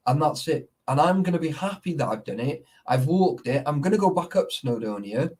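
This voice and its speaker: A man's voice: a little high, animated, fairly quick, a little mellow, slightly rough, far from the mic. Sweary, rambling man. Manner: sweary, rambling, keeps asking "you know what I mean". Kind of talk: casual chat.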